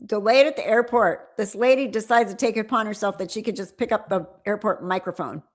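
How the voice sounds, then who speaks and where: A woman's voice: mid-range voice, brisk. A woman hosting a live stream, reacting to viral clips in casual, incredulous commentary with frequent laughs.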